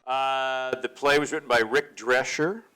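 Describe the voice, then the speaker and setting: A man being interviewed as an actor, talking in a low-key, thoughtful and self-deprecating way. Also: moderate pace, a bit bright. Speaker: actor guest. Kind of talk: casual interview talk.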